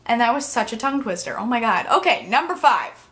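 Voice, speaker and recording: A teenage girl chats straight to her camera in a relaxed vlog, her voice sitting a little high. She is bubbly and talkative, scattering filler words as she goes. At moments she sounds emotional and near tears. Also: brisk. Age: teens. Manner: bubbly, chatty, full of "like" fillers. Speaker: vlogger. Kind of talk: casual vlog chat.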